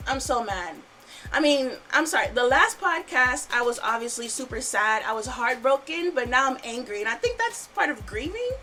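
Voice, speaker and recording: A woman's voice: sits high, big pitch swings, normal speed, bright, forceful tone, slight background noise, low-quality recording. A woman hosting a casual podcast, angry and swearing freely, repeating her points. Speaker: podcast host.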